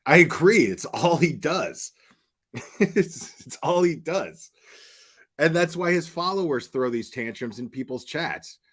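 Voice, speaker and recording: A man's voice: fairly high pitch, lively intonation, a little slow, fairly bright tone. A man hosting a stream, reacting to clips with sarcastic, profane commentary. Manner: sarcastic, mocking, swears a lot.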